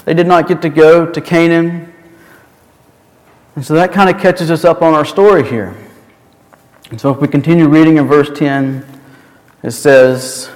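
A man's voice: fairly high pitch, fairly even intonation, moderate pace, long pauses. A male preacher delivering a sermon and retelling scripture in an emphatic storytelling manner. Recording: long hall reverb.

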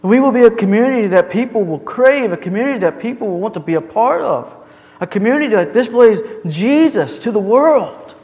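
A man's voice: high voice, expressive, brisk, darkish tone. A male pastor delivering a sermon in a church, earnest and full of rhetorical questions. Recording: long hall reverb.

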